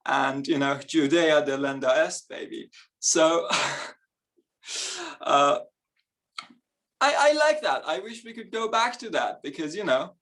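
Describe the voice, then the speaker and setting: A man's voice: on the high side, very animated, slow pace, pauses often, fairly bright tone. A young man performing a stand-up comedy set, chatty and self-mocking, laughing between his lines. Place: live comedy event on stage.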